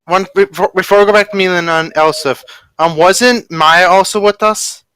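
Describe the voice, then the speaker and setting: A man chatting his way through a tabletop game, rambling as he works things out aloud. His voice is bright and smooth, a little higher than most, with a dry close sound. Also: moderate pace, no room sound. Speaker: player. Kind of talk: casual tabletop play.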